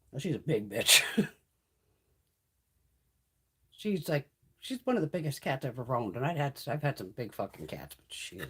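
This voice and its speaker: Streaming her makeup routine from home, a beauty host chats saltily, curses freely, and coos baby talk at her cats. Her voice is low, a bit bright, with a breathy edge.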